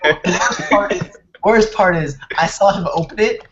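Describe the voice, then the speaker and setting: A young man talking casually as a guest, excitable and quick to laugh. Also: high-pitched. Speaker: guest player. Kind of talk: casual chat. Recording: dull lo-fi with faint noise.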